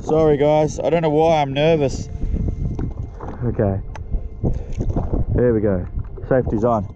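A man's voice: mid-range voice, expressive, a little slow, background noise. Man talking to his GoPro. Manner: self-talk, frustrated muttering. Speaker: fishing vlogger. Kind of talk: casual spearfishing vlog. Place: outdoors on the water. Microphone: GoPro camera. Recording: dull lo-fi action-camera audio with music.

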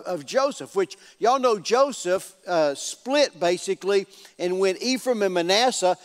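A man preaching in a folksy, animated storytelling way, often repeating words. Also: high-pitched. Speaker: pastor. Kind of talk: storytelling sermon. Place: church sanctuary. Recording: reverberant church hall.

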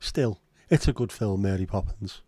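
Sweary man, low mellow voice. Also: moderate pace, slightly rough, no room sound. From Liverpool, England. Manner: sweary, sarcastic banter. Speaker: livestream host. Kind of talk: casual livestream chat reading viewer comments.

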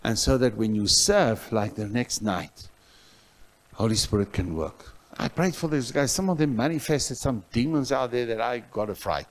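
A male pastor from South Africa preaching a sermon in a church, telling a story with loud outbursts that drop to soft asides. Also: medium pitch, animated, moderate pace.

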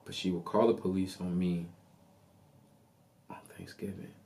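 A man's voice: deep voice, fairly quick, a little hiss or hum. A man hosting a podcast, telling a personal story in a casual, conversational way with lots of asides. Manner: conversational, animated retelling with asides. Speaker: podcast host.

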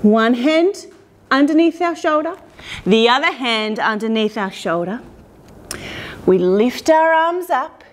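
A woman's voice: fairly high pitch, animated, slow pace. A young woman leading a playful children's yoga lesson, guiding poses and making animal sounds. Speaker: kids' yoga instructor.

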